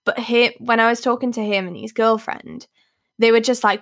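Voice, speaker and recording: A young woman at university co-hosting a casual podcast chat, bubbly and quick to giggle, who calls herself shy. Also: a little high, fairly even intonation, fairly bright tone. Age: young adult. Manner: bubbly, giggly, shy by her own words. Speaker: podcast co-host.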